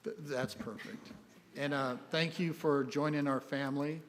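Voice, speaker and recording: A man's voice: a little high, steady tone, unhurried, slight background noise. A man chairing a city council meeting as mayor, friendly and joking with staff and residents. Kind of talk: chairing a public meeting, casual asides. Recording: long reverb of a council chamber.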